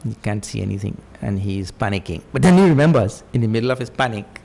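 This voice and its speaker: Animated man teaching scripture. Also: fairly low pitch, quick pace, gravelly, few pauses. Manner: animated teaching with acted-out stories; repeats key phrases. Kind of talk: lecture on scripture.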